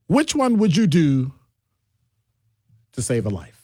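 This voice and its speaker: Animated male radio host with lively pitch. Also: slow pace, breathy edge, dry recording, studio quality. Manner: animated, digressive, jumps between deep and high voices. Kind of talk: casual call-in radio talk. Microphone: studio microphone.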